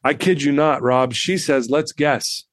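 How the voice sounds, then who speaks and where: A man in his fifties, a podcast guest telling a personal story in an animated way and acting out the people in it. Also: mid-range voice, a little slow, dry recording.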